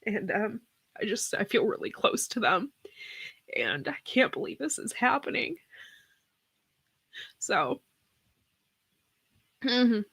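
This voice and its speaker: A woman's voice: fairly high pitch, sing-song, slow pace, vocal fry, pauses often, a bit bright, husky, no echo, studio quality. Tearful woman rambling on a live stream. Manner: rambling, sighing, with many restarts. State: tearful after crying. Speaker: host of a farm channel live stream. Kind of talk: casual live-stream chat.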